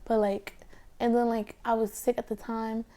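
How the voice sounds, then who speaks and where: A young adult woman talking casually while eating, sliding between soft speech and whispers, rambling through stories full of "like". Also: on the high side, little pitch movement, normal speed. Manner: rambling storyteller, heavy filler 'like'. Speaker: ASMR mukbang creator.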